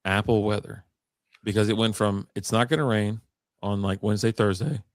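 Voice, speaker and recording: A man's voice: on the low side, steady tone, moderate pace, no room sound. Man, rambling casual talk, swears freely, dry close sound. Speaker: podcast co-host. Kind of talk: casual live-stream chat.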